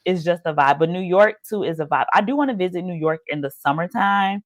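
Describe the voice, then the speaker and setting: A woman's voice: on the low side, fairly quick, no echo, clean studio sound. A woman from Chicago co-hosting a podcast, chatting casually in a candid, slangy way with emphatic asides. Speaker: podcast co-host. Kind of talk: casual chat.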